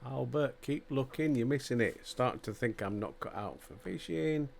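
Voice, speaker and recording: Gravelly older Yorkshire gamer. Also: male voice, mid-range voice, expressive, normal speed, a little mellow, slight background noise. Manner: dry, joking asides. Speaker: let's play host. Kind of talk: casual gameplay commentary.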